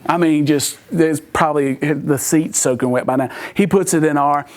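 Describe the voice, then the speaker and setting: In this sermon-style talk, the male church speaker has a somewhat high voice and keeps a normal pace. He laughs frequently while telling his story, voicing the different people in it.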